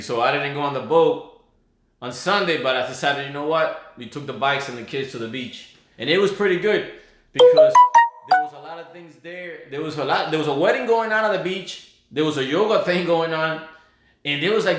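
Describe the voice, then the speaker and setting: A man's voice: a little high, a bit bright. Man chatting on a live stream. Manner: rambling, greets viewers by name and place. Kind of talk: casual live-stream chat. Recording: roomy echo.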